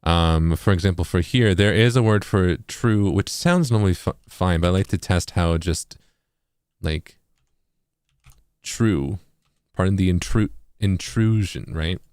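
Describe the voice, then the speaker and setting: A man with an East Coast accent giving a casual tutorial, relaxed and full of fillers, sounding words out as examples. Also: low voice, a little slow, clean tone, no echo, clean studio sound. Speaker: music producer and streamer.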